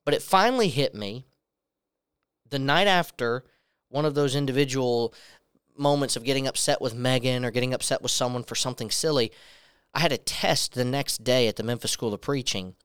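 A man's voice: mid-range voice, clean tone, dry recording, clean studio sound. A young man giving a personal testimony as a sermon, earnestly telling a story and acting out the dialogue in it. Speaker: preacher.

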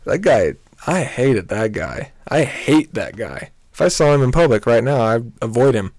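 A young man spins a rambling workplace-style anecdote in a loose, comedic way, swearing freely and breaking into laughs. His voice sits in an ordinary middle pitch for a man. The sound is dry and close, with no room around it. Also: big pitch swings, normal speed, a little mellow, dry recording. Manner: profane, rambling, laughs often. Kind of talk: casual comedic storytelling.

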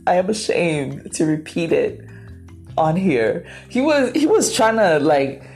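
A woman hosting a podcast, telling a story in a casual, animated way and acting out quotes dramatically. Her first language is Cree. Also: lowish voice, unhurried, soft background music. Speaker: podcast host.

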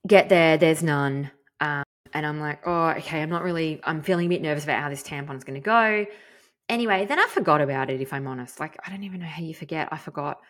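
A woman's voice: deep voice, fast talker, a bit bright. An Australian woman hosting a podcast, telling a personal story in a chatty, candid way with the odd casual swear. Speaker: podcast host.

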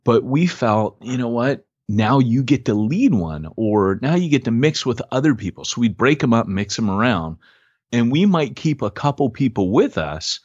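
A man co-hosting a podcast, telling a story in casual chat and acting out quotes in a higher voice. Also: big pitch swings, normal speed, a little mellow, breathy edge, no echo, lo-fi sound. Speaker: podcast co-host, church planter.

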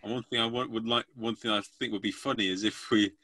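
Bright-voiced man hosting a podcast. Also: fairly low pitch, steady tone, quick pace, dry recording. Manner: playful, rambling and teasing. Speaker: podcast host. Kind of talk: casual comedy podcast chat.

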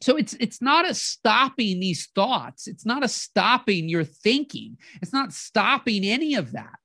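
A podcast host giving a motivational talk in an animated way, often acting out inner voices and checking in with the listener. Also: medium pitch, unhurried, no room sound, clean studio sound. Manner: animated, acts out inner voices, keeps asking "right?".

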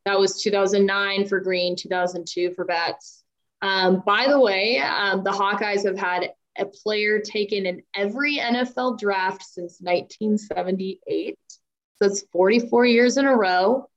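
A woman's voice: medium pitch, fairly even intonation, a little slow, highs cut off. A woman with a Southern American accent co-hosting a casual sports talk show, sharing stats and teasing her co-host.

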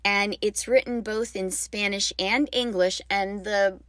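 A woman hosts a podcast for music teachers, chatty and enthusiastic, sometimes wandering into side notes. Her voice sits at a middle pitch and is recorded dry and close, with no room sound. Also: fairly even intonation, unhurried, a bit bright, dry recording. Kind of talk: casual podcast talk.

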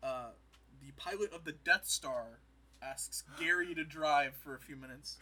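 A man in casual podcast chat, retelling comedy scenes and slipping into quick voices, often laughing. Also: fairly high pitch, bright, forceful tone.

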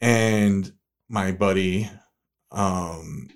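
Low-voiced young man, laid-back. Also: very slow, clean tone. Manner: laid-back, profane storytelling. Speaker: podcast co-host. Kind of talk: casual chat.

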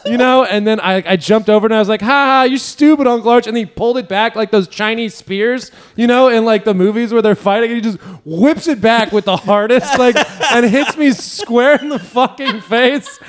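A man's voice: sits high, moderate pace, few pauses. A man from Mississippi co-hosting a podcast, telling childhood stories with lots of laughter and swearing. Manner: laughing storyteller, swears freely. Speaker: podcast co-host. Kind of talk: casual chat.

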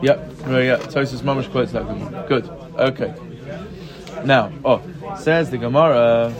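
A man's voice: mid-range voice, fairly even intonation, measured pace. A man teaching a text study class, reading short passages aloud and explaining them in casual English with constant "right? yeah?" checks to his students. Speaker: Talmud teacher. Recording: room with group chatter heard.

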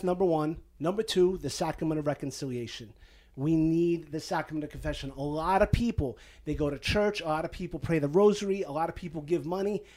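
A priest hosting a casual podcast in a home basement, talking in a slightly higher male voice. He is animated and joking, and he drifts into a put-on Italian-American lilt. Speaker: Catholic priest and podcast host. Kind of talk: casual podcast advice chat. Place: basement living room at home.

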